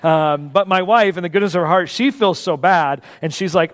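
A man preaches a sermon in a church hall, his fairly high voice trailing off into a long reverb. He tells stories with energy, acts out the voices in them, and drops to a hush for serious moments. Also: quick pace, few pauses. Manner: animated storyteller, acts out voices, swings from loud to hushed. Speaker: pastor. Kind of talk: sermon with personal story.

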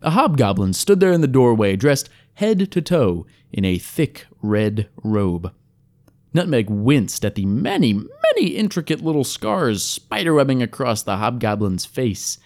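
A man's voice: medium pitch, very animated, a little slow, a little mellow. Man narrating a wry fantasy tale. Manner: wry, storytelling. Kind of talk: scripted narration.

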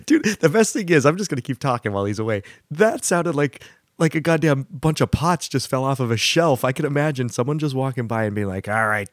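A man's voice: mid-range voice, dry recording, clean studio sound. A man hosting a casual podcast, telling rambling stories and laughing often. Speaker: podcast host.

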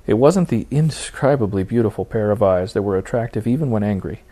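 A man reading a novel aloud as its narrator, in steady storytelling. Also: on the low side, brisk. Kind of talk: audiobook narration.

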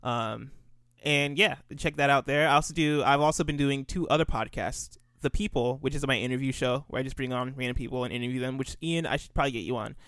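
A man's voice: medium pitch, fast, a bit bright, smooth, no echo, clean studio sound. A man in casual podcast chat, plugging his shows with a rambling, filler-heavy, laid-back manner. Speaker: podcast co-host.

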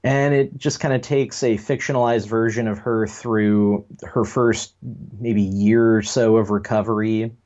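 Low-voiced, joking male podcast host. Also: steady tone, a little slow, a little mellow. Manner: joking, rambling with fillers. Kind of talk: casual pop culture chat. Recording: dull lo-fi sound.

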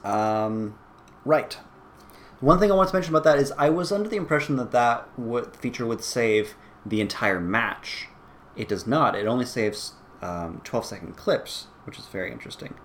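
A man's voice: medium pitch, expressive, moderate pace, a bit bright. Hesitant man with faint background noise. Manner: hesitant, filler-heavy, laughs easily. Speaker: podcast co-host. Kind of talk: casual chat.

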